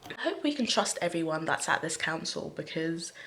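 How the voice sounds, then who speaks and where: Chatty woman book vlogger: excitable, a bit low-pitched, fond of whispered asides. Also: normal speed, background noise. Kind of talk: casual reading-reaction vlog.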